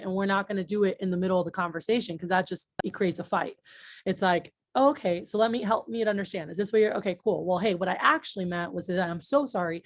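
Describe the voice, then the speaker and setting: A woman's voice: mid-range voice, dry recording, studio quality. A woman giving a casual training talk on leadership, chatty and blunt, swearing freely and checking in with her listeners often. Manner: frequent filler words and rhetorical checks.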